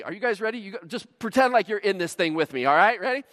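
A man preaching a sermon as pastor, telling stories with dramatic swings from hushed to shouting. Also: high-pitched, fast talker, few pauses. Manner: animated storytelling, dramatic swings from quiet to shouting. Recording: long reverb of a large hall.

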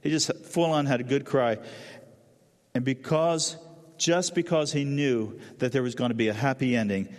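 A man preaching a sermon with feeling, dropping to a soft low voice at solemn moments. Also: normal speed, in a large hall. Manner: emotional, drops to soft low voice at solemn lines. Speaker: pastor.

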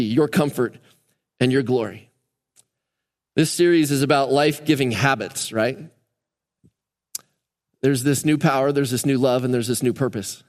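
A man's voice: medium pitch, big-room sound. A male pastor preaching a sermon in a church, emphatic and repeating phrases for stress. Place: church sanctuary.

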